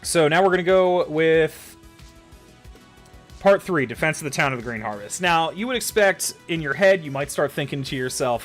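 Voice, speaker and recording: A man walks through how to prep a tabletop game session in a loose, rambling way. He curses casually and fills pauses as he types his notes. Faint music plays underneath. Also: on the high side, expressive, fairly bright tone. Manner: loose and profane, swearing casually; thinks aloud, lots of fillers and trailing off. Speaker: dungeon master giving advice. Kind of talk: casual tutorial while typing notes.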